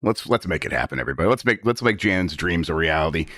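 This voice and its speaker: A man's voice: low-pitched, lively intonation, fast talker, pushed and bright, no echo, studio quality. A man hosting a gaming podcast, chatting casually with many restarts, then reading a scripted intro. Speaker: podcast host.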